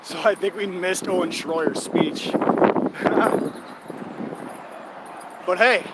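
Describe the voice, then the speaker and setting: A man's voice: sits high, steady tone, drawn-out words. A man livestreaming from a hot city street during a protest, out of breath and talking bluntly and crudely as he walks. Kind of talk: casual live chat while walking. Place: city street outdoors in summer heat. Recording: noisy outdoor street with traffic.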